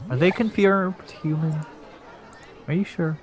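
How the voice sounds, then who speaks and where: A man's voice: high-pitched, measured pace. A man wisecracking playfully on a casual gaming voice call. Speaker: podcast guest player. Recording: voice call with game music behind. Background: game music.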